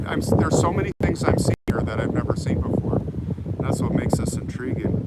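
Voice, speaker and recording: An older American man hosting a live walking tour of a cemetery, chatting in a rambling way and answering viewer comments as he goes. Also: mid-range voice. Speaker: livestream host. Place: outdoors in a cemetery. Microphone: phone on a live stream. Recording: harsh noisy live-stream audio.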